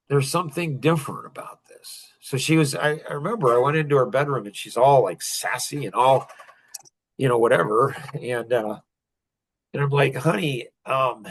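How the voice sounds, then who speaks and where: A man telling a rambling, emotional personal story on a podcast, getting louder and higher when he makes a point. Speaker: podcast guest.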